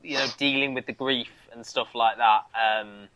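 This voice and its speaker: Co-host: thirties man, bright mid-pitched voice, quick interjections and corrections. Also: steady tone, a little hiss or hum, poor audio. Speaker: podcast co-host. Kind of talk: casual TV chat.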